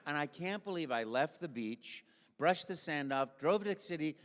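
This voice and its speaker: An older male voice actor tells stories on a convention stage, animated and fond of sound effects. His voice sits a bit high for a man. A long hall reverb trails every phrase. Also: normal speed. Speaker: guest voice actor.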